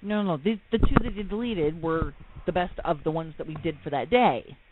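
A woman's voice: sits low, moderate pace, narrow, tinny audio, noisy background. A woman co-hosting a casual chat show, teasing and laughing often. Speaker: co-host.

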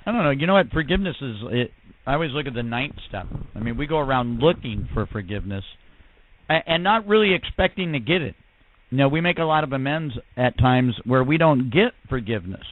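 Male host, wry and self-mocking, mid-pitched voice, phone-like audio. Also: lively intonation, a little fast. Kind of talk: casual chat.

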